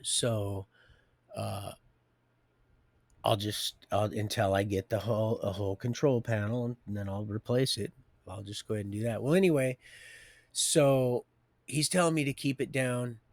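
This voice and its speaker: A man's voice: on the low side, fairly even intonation, unhurried, long pauses, dry recording. A middle-aged man streaming live from home, telling a rambling personal story full of folksy asides and restarts. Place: home, with a door and heater nearby.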